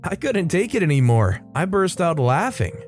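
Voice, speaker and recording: Man reading stories playfully over soft guitar. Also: on the high side, big pitch swings, normal speed. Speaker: story narrator and show host. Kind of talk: reading online stories aloud.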